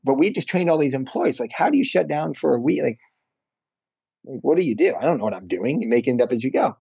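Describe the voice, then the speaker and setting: Fast-talking man telling business stories. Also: mid-range voice, vocal fry, slightly rough, no echo, highs cut off. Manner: animated, acts out dialogue in anecdotes. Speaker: podcast guest, franchise owner. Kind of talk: casual interview storytelling.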